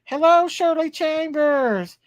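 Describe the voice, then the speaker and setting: A woman's voice: high voice, slow, no room sound. Folksy woman hosting a live chat. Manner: chatty, folksy, sings to viewers. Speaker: livestream host reading chat.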